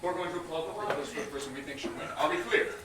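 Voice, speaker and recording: A man hosting a live game show, animated and brisk, often laughing between announcements, heard from across a room. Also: fairly high pitch, a loud crowd. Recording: roomy hall from far off, loud noise.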